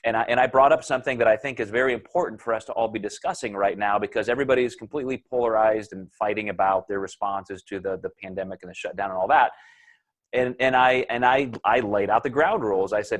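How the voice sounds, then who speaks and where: A man's voice: on the low side, quick pace. A man hosting a podcast, talking with energy and often repeating words as he starts his sentences. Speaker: podcast host. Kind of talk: podcast conversation.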